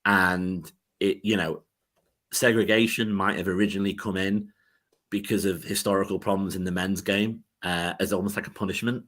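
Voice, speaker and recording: A man with a low voice recounts a long story in casual podcast chat. He rambles, stacking fillers and restarting his sentences. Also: bright, forceful tone. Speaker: football podcast co-host.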